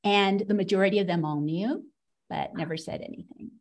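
A woman's voice: medium pitch, fairly quick. Wry middle-aged woman telling her story. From United States. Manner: sarcastic, wry. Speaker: author and podcast guest. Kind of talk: personal storytelling.

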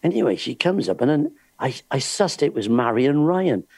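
A man who works as a singer and entertainer on cruise ships, telling lively anecdotes with plenty of laughs and acted-out voices. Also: medium pitch, normal speed, gravelly, slightly rough, no room sound. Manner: lively storyteller, laughs often, acts out voices in his stories.

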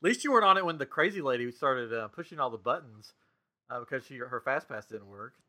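A man hosting a podcast, telling quick anecdotes and laughing easily. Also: medium pitch, expressive, bright, forceful tone. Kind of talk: casual chat. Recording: dull lo-fi podcast audio.

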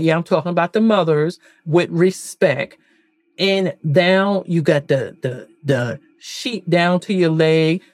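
Fiery preachy woman, dry close mic. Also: dry recording. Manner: animated, rhetorical questions, big pitch swings; blunt, scolding, with laughs. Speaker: podcast host. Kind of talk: preachy monologue.

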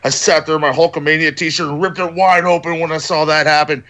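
A man's voice: fairly high pitch, fairly even intonation, brisk, sharp tone. A man in a casual podcast chat, playful and theatrical as he tells stories.

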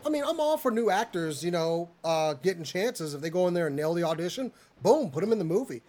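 A podcast co-host in a casual panel chat, talking in an animated, exasperated ranting way. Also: medium pitch, brisk, slight background noise.

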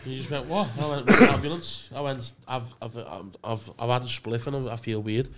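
Easygoing podcast host man. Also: medium pitch. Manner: chips in with quick agreements and short questions. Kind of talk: casual podcast chat.

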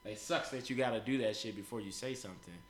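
A man's voice: lowish voice, quick pace, a little hiss or hum. Profane, blunt man in an echoey room. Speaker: podcast co-host. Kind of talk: casual chat.

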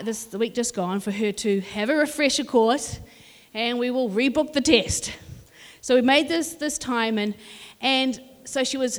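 New woman preaching in a hall. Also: on the high side. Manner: lively, conversational storytelling. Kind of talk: sermon with storytelling. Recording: reverberant hall.

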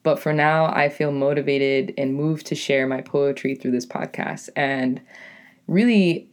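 A young woman with a deep, raspy voice and a New England accent, hosting her own podcast as a poet in a rambling, casual monologue full of "like" and "you know". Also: fairly even intonation, measured pace. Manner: rambling, lots of "like" and "you know", self-correcting.

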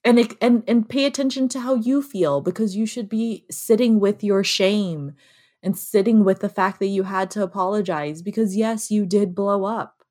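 A woman's voice: medium pitch, normal speed, darkish tone. A woman talking casually and animatedly as a podcast co-host, laughing often and acting out her inner voices. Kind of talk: casual conversation.

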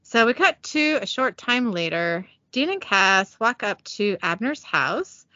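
A woman's voice: medium pitch, a little slow, dry recording. A woman hosting a podcast, giggling as she recaps a TV episode. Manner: giggly, animated storytelling. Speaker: podcast host. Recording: dull, dry recording.

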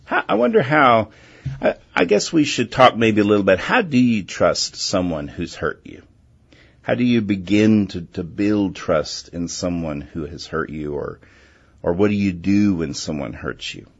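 A man hosting a Christian call-in radio show, talking earnestly and gently and often restarting his words. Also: low voice, animated, unhurried, gravelly, muffled recording. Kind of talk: faith-based call-in radio talk.

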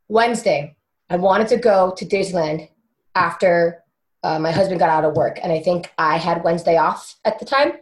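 Chatty host, woman, animated storyteller who swears freely; roomy room sound. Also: mid-range voice. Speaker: podcast host telling a story. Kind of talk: casual storytelling chat. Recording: roomy echo.

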